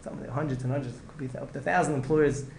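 Speaking very fast in a steady, mid-range voice with vocal fry and a slightly mellow tone, the rabbi gives an earnest Torah lecture. He keeps repeating and restarting phrases and uses Hebrew and Yiddish words, in an echoey room with faint ambience and a little hiss or hum.

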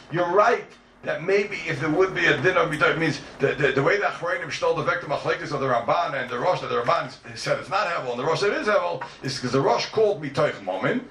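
A man races through a Talmud lesson, his pitch leaping up and down as he argues each point. He is heard from a distance in a roomy classroom, with faint ambience behind him. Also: a bit bright, slight background noise. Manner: rapid, questioning, sing-song give-and-take. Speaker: Talmud teacher. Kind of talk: animated Talmud class lecture.

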